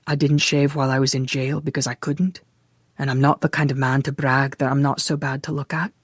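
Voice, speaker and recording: A narrator voicing a Scottish man who speaks softly and earnestly. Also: mid-range voice, little pitch movement, a little fast, breathy edge, no room sound, clean studio sound, natural voice. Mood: pleading. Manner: soft, earnest. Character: Scottish man, soft-spoken and pleading.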